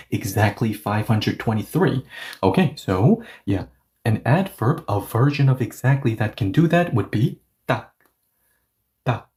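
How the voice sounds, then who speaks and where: A man whose first language is Korean, teaching a casual video lesson in English. He explains step by step, thinks aloud with many "okay, so" fillers and rhetorical questions, and says the Korean examples slowly, repeating them. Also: medium pitch, mellow.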